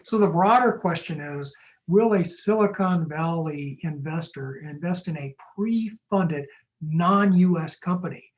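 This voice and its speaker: Fast-talking jokey man on a webinar. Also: a little high, lo-fi sound. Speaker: startup lawyer presenting a webinar. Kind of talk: webinar talk with Q&A. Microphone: video call.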